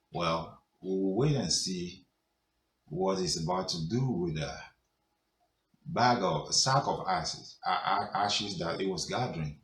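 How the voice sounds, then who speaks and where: A male storyteller narrates a folk tale in a very low, unhurried voice. He keeps it conversational, with fillers. The room is echoey and faint noise sits behind him. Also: lively intonation.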